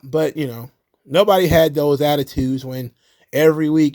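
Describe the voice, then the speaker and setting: A man with a somewhat high voice rants casually about the week's wrestling. He sounds sarcastic and exasperated, and his tone is loose and unscripted. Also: steady tone, moderate pace, darkish tone. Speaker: wrestling commentary host. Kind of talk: casual ranting commentary.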